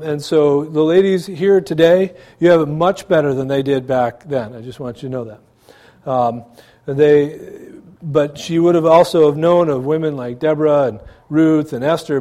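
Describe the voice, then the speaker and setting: A man's voice: on the high side, darkish tone. A man, a pastor, preaching a sermon in a church, conversational, with rhetorical questions and asides to the congregation.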